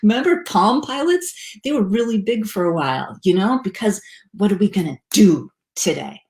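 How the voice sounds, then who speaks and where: A woman's voice: mid-range voice, lively intonation, moderate pace, a little mellow. A woman from the United States, speaking casually to a group about happiness in a chatty, self-deprecating way, with restarts and fillers. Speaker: speaker teaching a class on happiness. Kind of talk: casual talk to a live audience. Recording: echoey room.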